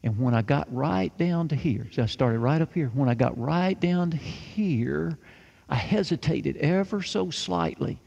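A man's voice: fairly high pitch, animated, measured pace, creaky, darkish tone, lo-fi sound. A man telling a childhood story to a live audience, folksy and fond of repeating key phrases. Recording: reverberant hall sound.

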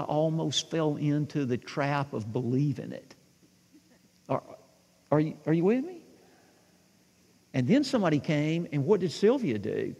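Husky-voiced preacher in his sixties. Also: a little high, big-room sound. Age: 60s. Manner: animated storytelling, asks the congregation questions. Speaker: pastor. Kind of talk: sermon.

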